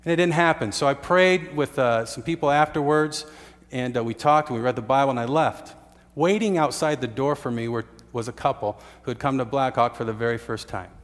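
A man's voice: mid-range voice, brisk, long reverb tail. A man preaching a sermon, telling a story earnestly with uhs and restarts. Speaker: pastor.

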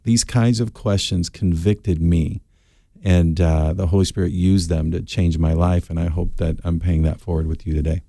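A middle-aged man answering Bible questions as a radio guest, earnest and halting with fillers. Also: low voice, steady tone, creaky, mellow, dry recording, clean studio sound.

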